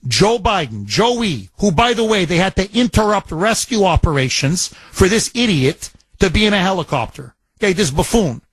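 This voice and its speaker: A man's voice: high-pitched, sing-song, normal speed, few pauses, breathy edge, no echo. A man co-hosting a talk radio show, ranting with indignation, repeating and restarting his phrases.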